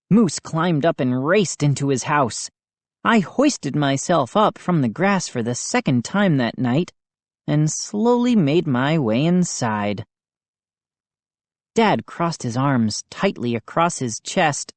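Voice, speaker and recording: Slow, lively woman narrating an audiobook. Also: sits low, no echo. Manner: measured storytelling. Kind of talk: audiobook reading.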